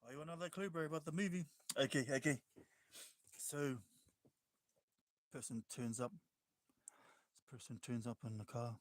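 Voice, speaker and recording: A man's voice: medium pitch, normal speed, long pauses. A man with a New Zealand accent chatting casually while he draws, laid-back and talkative, calling his listeners bro. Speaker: livestreaming artist. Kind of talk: casual chat while drawing.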